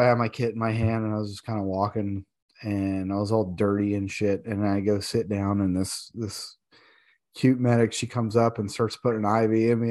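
A man, a military veteran, telling a war story in casual chat, animated and profane, laughing as he talks. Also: on the low side.

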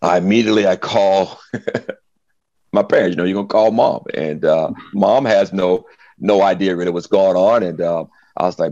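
A man's voice: low voice, moderate pace, dry recording, muffled recording. A middle-aged man, a former football player, tells his story in an interview and acts out the voices of the people in it. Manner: animated storyteller, acts out quotes.

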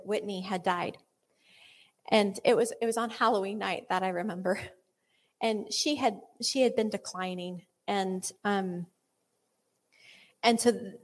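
A woman giving earnest Christian teaching with a personal story, often dropping to a whisper and restarting her sentences. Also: mid-range voice. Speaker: Christian speaker.

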